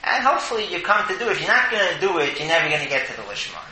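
A man's voice: sits high, rapid-fire. Man giving an echoey Torah talk. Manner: animated, stumbling repetitions. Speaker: Torah teacher. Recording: echoey room with clear noise.

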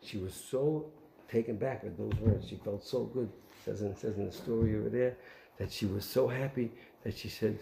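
A man giving an animated Torah talk, asking rhetorical questions and telling stories. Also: on the low side, moderate pace, creaky, roomy sound, background noise. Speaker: Torah teacher.

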